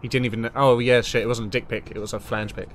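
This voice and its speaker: A man's voice: medium pitch, flat delivery, fast talker, background noise. A man commenting casually on a video game as he plays, crude and joking. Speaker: gaming streamer.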